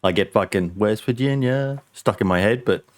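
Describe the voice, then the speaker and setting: A man's voice: deep voice, brisk. A man hosting a casual podcast, bantering and swearing freely with his guests. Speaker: podcast host.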